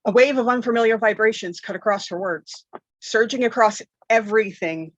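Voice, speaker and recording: A woman game master narrating a tabletop game with dramatic storytelling, often clearing her throat and correcting herself. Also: on the high side, moderate pace, dry recording, dull audio.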